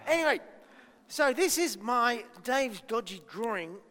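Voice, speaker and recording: A man's voice: very high-pitched, lively intonation, a little slow, pushed and bright, in a large hall. A man giving a playful children's talk at church, asking the kids lots of questions. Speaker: children's minister.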